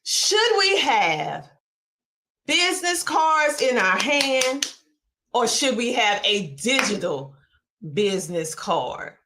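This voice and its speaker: A woman's voice: on the high side, sing-song, slow pace, sharp tone. A woman podcast host asking long, rambling questions in a chatty, casual way. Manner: rambling, chatty, lots of fillers.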